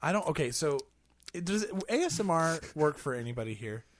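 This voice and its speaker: A man's voice: a little high, sing-song, brisk. A man hosting a gaming podcast in casual chat, rambling with lots of fillers and laughing often. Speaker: podcast host.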